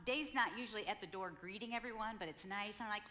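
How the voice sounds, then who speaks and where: A woman's voice: medium pitch, fast talker, sharp tone. A woman in her sixties speaking at a couples conference, playfully telling her side of a marriage story. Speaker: speaker, pastor's wife.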